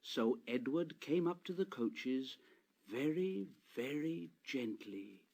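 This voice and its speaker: A man reading a children's railway story aloud as narrator, expressive and gentle. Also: medium pitch, gravelly. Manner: expressive, slow read-aloud.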